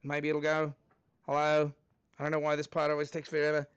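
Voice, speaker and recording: A man with a notably high voice leads a live math review, cheerfully counting steps aloud and thinking out loud as he calls on students. The sound is close and dry, with no room echo. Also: completely flat delivery, fairly quick, clean tone, muffled recording. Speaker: math teacher. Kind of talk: live class review lesson.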